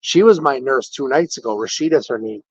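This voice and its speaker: A man casually telling an animated, indignant story about a care-facility visit, quoting the people involved. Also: medium pitch, a little fast. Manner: animated, indignant retelling with quoted dialogue. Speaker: podcast host. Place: patient room in a care facility. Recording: dull, dry lo-fi audio.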